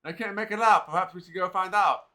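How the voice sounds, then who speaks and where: A man's voice: sits high, fast talker, bright, forceful tone, pitched above the performer's own voice. A man reading out the lines of a cautious young male adventurer from a game. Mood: wary. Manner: reading game dialogue aloud.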